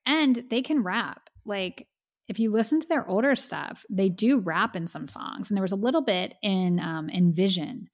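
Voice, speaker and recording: A woman's voice: medium pitch, expressive, normal speed, dry recording, clean studio sound. A woman co-hosting a podcast, chatting with enthusiasm about an album and saying "like" a lot. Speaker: podcast co-host. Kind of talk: casual music review chat.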